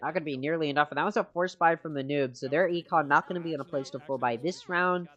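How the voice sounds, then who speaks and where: A man's voice: on the high side, quick pace, highs cut off. Man casting a game play-by-play. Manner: steady explanatory play-by-play, rises for big plays. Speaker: esports caster. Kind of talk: play-by-play commentary.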